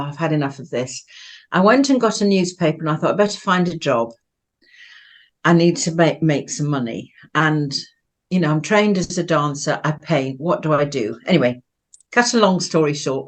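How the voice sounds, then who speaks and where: A woman of about seventy from Manchester, England, telling stories about her life as an interview guest in a chatty, rambling way, often breaking into laughter. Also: sits low. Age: around 70. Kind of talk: personal storytelling.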